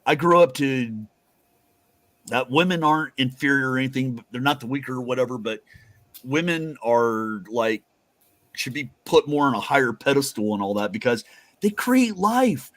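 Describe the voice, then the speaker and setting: A man's voice: mid-range voice, animated, moderate pace, fairly bright tone, no room sound. Rambling, profane man, dry sound. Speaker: host. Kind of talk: casual chat.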